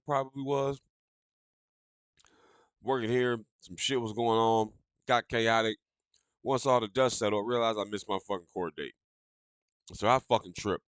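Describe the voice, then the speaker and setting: A young man talks straight into a dry, close mic, ranting bluntly and swearing freely. His voice sits at a medium pitch, and his casual talk swings from loose storytelling to heated opinion. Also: fairly bright tone, no room sound. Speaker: podcast host. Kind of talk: casual monologue.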